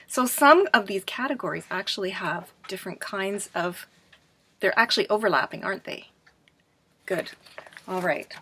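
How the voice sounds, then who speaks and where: Female teacher, slow and clear, bright tone, runs a mock class with imagined students. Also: mid-range voice. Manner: asks questions and answers for imagined students; clear, deliberate teacher delivery. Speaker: English pronunciation teacher.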